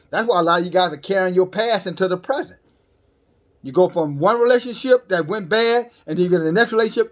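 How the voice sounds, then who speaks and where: Blunt, emphatic high-voiced male preacher. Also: dull audio. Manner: blunt, emphatic, repeats words when stumbling; scolding, calls listeners sisters and brothers. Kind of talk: sermon.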